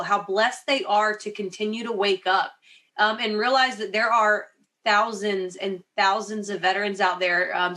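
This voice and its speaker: Woman guest, former Marine, bright sharp voice, hesitant with fillers. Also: mid-range voice. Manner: searching for words, many fillers. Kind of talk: casual interview answer.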